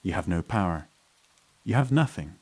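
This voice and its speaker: A man's voice: low-pitched, expressive, moderate pace, darkish tone, breathy edge. A man voicing a rude, bullying male customer who sneers and threatens. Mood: menacing.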